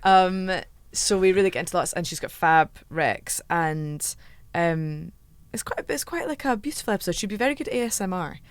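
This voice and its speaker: A Scottish woman hosting a casual podcast chat, chatty and quick to laugh at herself. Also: fairly low pitch, lively intonation, clean tone, no room sound. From Scotland. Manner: chatty, laughs often, self-mocking asides. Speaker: podcast host.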